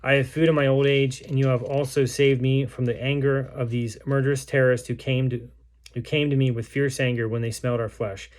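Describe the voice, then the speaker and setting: A man's voice: mid-range voice, little pitch movement, brisk, a little mellow, close to an everyday voice. A man reading aloud the words of a starving, grief-stricken mother in a besieged city, in a solemn, pleading way. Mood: bitter, accusing.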